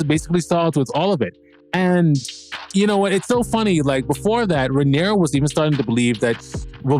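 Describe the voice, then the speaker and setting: A man hosting a podcast, recapping a TV episode in a rambling, profane, excitable way and acting out characters' lines. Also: on the high side. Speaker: podcast host.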